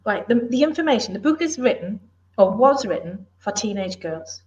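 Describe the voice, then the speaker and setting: A woman's voice: mid-range voice, sing-song, normal speed, darkish tone, dull audio, a little hiss or hum. A middle-aged woman from the UK, a former police officer and author, talking in an earnest, emphatic, plain-spoken way in a casual interview.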